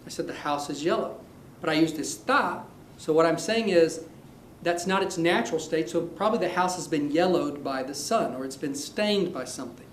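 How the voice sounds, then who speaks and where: A male Spanish teacher with a fairly high voice talks in an animated, playful way and acts out small scenes. He sounds like he is in an echoey room, with faint noise behind him. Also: moderate pace. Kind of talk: classroom lesson.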